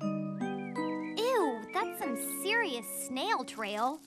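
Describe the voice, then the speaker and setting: An actress voicing a cheerful, plucky young fairy heroine in a cartoon. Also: female voice, high-pitched, sing-song, extremely slow, over music, full character voice. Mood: chirpy. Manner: chirpy, upbeat, fond of exclamations.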